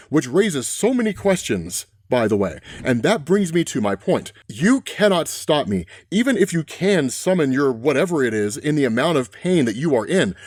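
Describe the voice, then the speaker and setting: A man voicing a cocky, taunting male assassin in a gold suit, in a slow, menacing read. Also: a little high, a little mellow, dry recording, studio quality.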